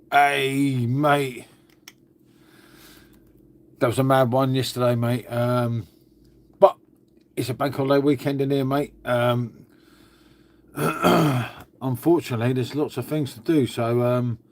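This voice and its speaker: Bloke chatting away on a home livestream, rambly, mid voice, webcam mic. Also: male voice, medium pitch. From England. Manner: rambling, repeats "mate" and "shall we say". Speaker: livestream host. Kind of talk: casual live stream chat. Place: at home indoors.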